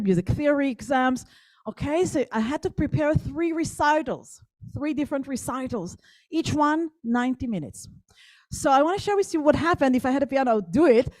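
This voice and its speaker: Higher-voiced woman telling a story. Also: a little mellow, no room sound. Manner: engaged, asks the audience questions. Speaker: guest speaker. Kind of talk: storytelling talk to an audience.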